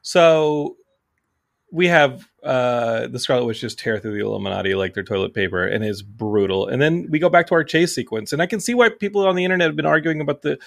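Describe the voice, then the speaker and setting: Uomo eccitato che impreca spesso. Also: male voice, medium pitch, a little fast, gravelly. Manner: excitable, swears freely. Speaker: podcast host. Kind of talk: casual movie review chat.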